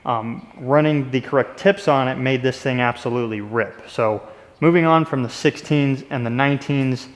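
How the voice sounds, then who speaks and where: A man in a reverberant room, talking casually about his work gear with an upbeat, direct manner. His voice sits at an ordinary middle pitch, and the space gives it a long trailing echo. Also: moderate pace. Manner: enthusiastic, direct, addresses viewers as "you guys". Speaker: pressure washing business owner. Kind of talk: casual product walkthrough.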